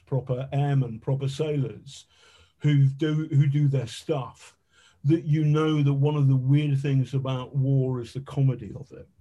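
Rambling man, mellow voice. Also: medium pitch. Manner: rambling anecdotes with frequent restarts and swearing. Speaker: guest, investigative journalist. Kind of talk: storytelling in an interview.

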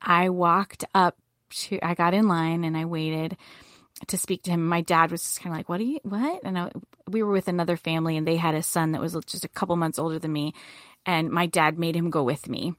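A woman guest in a podcast interview, telling her story in an animated way and acting out quoted lines. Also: brisk, no room sound, studio quality. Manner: animated, acts out quotes with big jumps in pitch.

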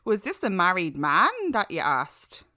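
A woman's voice: lowish voice, very animated, measured pace, pushed and bright, no echo, studio quality. A woman co-hosting a podcast, telling a story and teasing her co-host with swearing. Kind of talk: casual chat.

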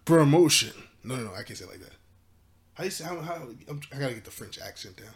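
A man co-hosting a podcast in casual chat, animated, swearing freely and saying "like" a lot. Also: mid-range voice, fast talker. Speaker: podcast co-host.

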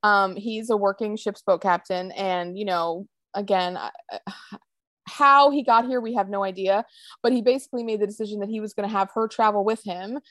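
A woman co-hosting a podcast, chatting casually about a TV episode, animated and quick to laugh as she acts out scenes. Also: mid-range voice, dry recording. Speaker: podcast co-host. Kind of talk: casual chat recapping a TV episode.

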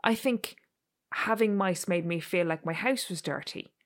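A woman's voice: on the low side, measured pace. A woman co-hosting a candid chat, sweary and self-deprecating, acting out her own inner voice as she tells stories. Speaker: podcast co-host.

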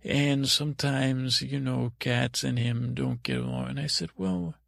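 A dim, dreamy young prince, voiced by a man, drifts through a silly bedtime tale, halting and losing his way mid-sentence. His voice is heavily gravelly and sits at an ordinary middle pitch. The sound is close and dry, with no room around it. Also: lively intonation, no echo. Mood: dreamy rambling. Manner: meandering, halting, easily sidetracked storytelling. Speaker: podcast host. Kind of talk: improvised comic bedtime story.

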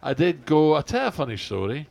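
A man's voice: fairly high pitch, big pitch swings, fast, gravelly, a little mellow. An older man, co-hosting a podcast in casual chat, rambling through jokey anecdotes with plenty of fillers. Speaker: podcast co-host.

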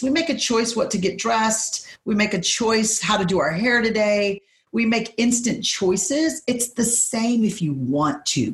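A woman in her forties, a podcast guest, speaking in emphatic preacherly declarations and repeating phrases for emphasis. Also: medium pitch. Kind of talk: faith-based podcast conversation.

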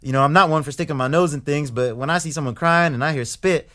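A young man, a guest in a casual interview, telling a story in an animated way that gets loud when he acts out anger. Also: a little high, quick pace.

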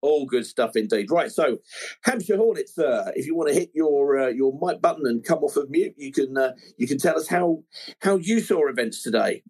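Guy hosting a footy fan show, husky voice, reads out messages, chatty. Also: a little high, expressive, normal speed, darkish tone. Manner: chatty, reading out listener messages. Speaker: podcast host. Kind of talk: casual live football fan show.

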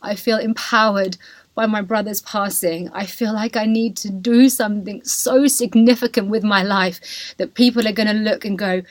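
A woman's voice: medium pitch, fairly even intonation, normal speed, no room sound. A young woman hosting a podcast, telling a personal story in a candid, emotional way with lots of fillers and restarts. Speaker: podcast host.

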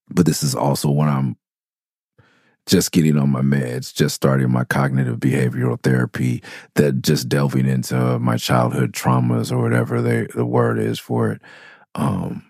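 Animated and speaking at a moderate pace, a middle-aged man from Los Angeles, a rapper who hosts a podcast, rambles through blunt, profane stories in a candid monologue. His very deep voice is creaky, a little mellow and slightly rough. He keeps restarting and looping back, and the studio-quality recording is dry.

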